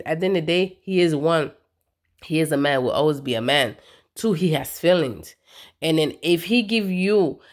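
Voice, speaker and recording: Woman, vlogger, reality TV recap, casual, slangy, emphatic, animated. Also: mid-range voice. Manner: animated, emphatic, slangy, talks straight to viewers.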